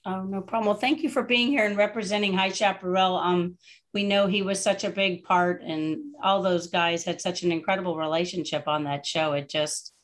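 A woman hosting a casual tribute chat over a video call, chatty and quick to laugh. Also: lowish voice, steady tone. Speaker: host.

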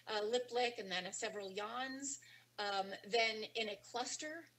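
A woman's voice: on the high side, measured pace, fairly bright tone, a little hiss or hum, poor audio. A woman teaching a webinar on dog behavior, explaining casually with frequent ums and restarts. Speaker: dog training instructor. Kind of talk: webinar lecture.

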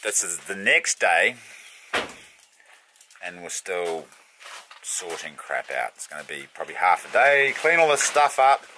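A man's voice: low-pitched, very animated, a little slow, pauses often, background noise. A middle-aged man with a New Zealand accent, telling blunt, laid-back stories in a casual vlog as a bush guide.

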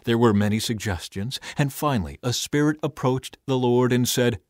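A man narrating an audio Bible reading in a measured, even way. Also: mid-range voice, no echo, clean studio sound. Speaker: Bible reader. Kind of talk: scripted scripture narration.

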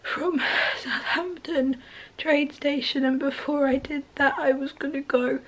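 A young woman from England chatting casually in a home vlog, hoarse and out of breath, often dropping to a breathy whisper. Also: high voice, steady tone, measured pace. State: hoarse, losing her voice. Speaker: vlogger. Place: bedroom at home. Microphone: camera.

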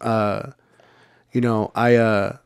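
A man's voice: on the low side, little pitch movement, slow, clean tone, dry recording, studio quality. A man in his thirties talking candidly on a podcast, laid-back, with lots of fillers and the odd curse word. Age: 30s. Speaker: podcast regular. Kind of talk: casual podcast chat.

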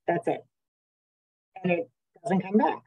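A woman's voice: on the low side, expressive, measured pace, dark tone, breathy edge, rough recording. A woman psychiatrist with an American accent giving a conversational webinar talk over a video call, with many fillers and restarts. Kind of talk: webinar presentation.

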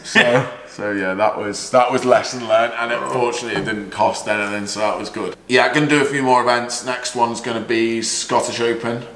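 A man's voice: mid-range voice, fairly even intonation, fairly quick, few pauses, a bit bright. Chatty man in an echoey room. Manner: chatty, laughs often, acts out quoted remarks. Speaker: vlog host and caddie. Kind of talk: casual chat. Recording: roomy echo, faint background.

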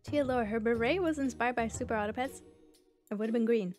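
A young woman chats through a game stream, her voice sitting a little high. She reacts loudly to each turn and chats back to her viewers. Soft music plays faintly under her talk. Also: fairly quick. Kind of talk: casual gameplay commentary.

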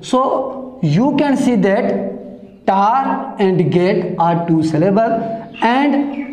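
Male teacher, high voice, unhurried step-by-step grammar explanation. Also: expressive, darkish tone, roomy sound, muffled recording. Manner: slow, step-by-step explaining, repeats words for emphasis. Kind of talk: classroom grammar lesson.

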